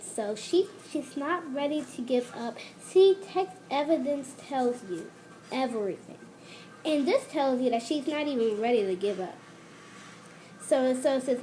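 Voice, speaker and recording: A host of a children's lesson reading a picture book aloud and explaining it slowly to kids, with restarts and asides. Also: sits high, expressive, warm tone, slight background noise.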